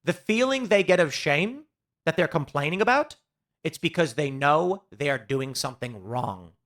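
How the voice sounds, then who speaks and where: A man's voice: fairly high pitch, animated, normal speed, fairly bright tone. A man hosting a political commentary show, delivering a sarcastic opinion monologue that mocks quoted critics. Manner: sarcastic, mocking, with quoted voices.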